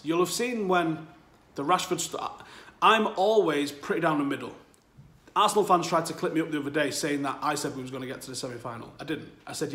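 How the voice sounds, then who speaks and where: A man's voice: a little high, a bit bright, roomy sound. A man hosting a football channel, talking candidly to his audience from home and swearing freely. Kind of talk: casual monologue to camera. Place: at home, new flat.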